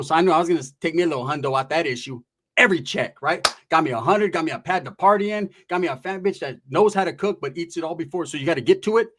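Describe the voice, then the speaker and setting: A man's voice: a little high, fairly bright tone. A man telling a comedic story with profane street slang and loose, chatty asides. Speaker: stand-up storyteller.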